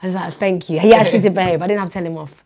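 Hoarse young woman. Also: fairly low pitch, very fast. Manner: animated storyteller, shouts when quoting herself. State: losing her voice, hoarse. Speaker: guest, teacher and singer. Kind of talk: casual podcast chat.

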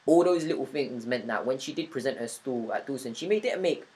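A man's voice: mid-range voice, animated, brisk, darkish tone, poor audio. Earnest young man hosting. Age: 20s. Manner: reflective, earnest, long flowing points. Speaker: podcast host. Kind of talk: casual interview chat.

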